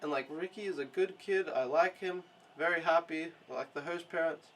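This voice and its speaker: Young male vlogger, slightly high voice, casual rambling recap full of swearing and fillers. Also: normal speed, fairly bright tone, a little hiss or hum. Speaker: au pair vlogger.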